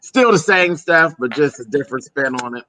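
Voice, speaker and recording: Hosting a casual chat, a man from Pennsylvania, USA talks easily and laughs, calling listeners honey and girl. His voice is on the high side, expressive, pushed and bright, and a little fast.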